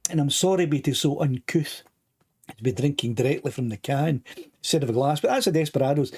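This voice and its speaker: Reading viewer comments aloud during a casual live stream, an older Scottish man chats and rambles in his Scottish accent, his throat slightly sore. His voice sits on the high side, expressive and a little mellow with a breathy edge, and he talks a little fast.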